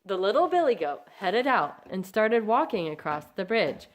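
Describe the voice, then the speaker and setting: An adult woman narrating a fairy tale in a measured, expressive read-aloud style for a home family play. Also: mid-range voice.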